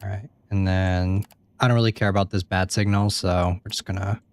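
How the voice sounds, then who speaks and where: A man's voice: low-pitched, level tone, a little fast, a little mellow, clear, resonant tone, dry recording. A young man giving casual gameplay commentary, joking, self-deprecating and swearing freely. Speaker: gaming YouTuber.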